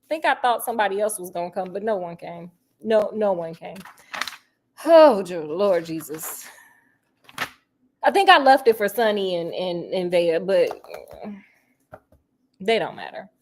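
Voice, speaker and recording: A woman's voice: mid-range voice, expressive, a little slow, long pauses, slight background noise. A woman chatting casually while she cooks, sassy and full of asides like honey and girl. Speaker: vlogger. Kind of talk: casual chat while cooking.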